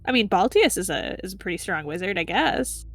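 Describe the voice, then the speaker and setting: A woman's voice: medium pitch, very animated, fairly quick. A woman playing her character in a tabletop game, hesitant and full of fillers. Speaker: player.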